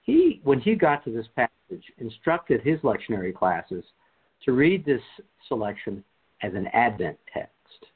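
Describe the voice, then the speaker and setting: A man hosting a scripture discussion podcast, reading scripture aloud in a measured, deliberate way and leading the talk. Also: mid-range voice, sing-song, breathy edge. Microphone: video call. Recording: tinny phone-like line.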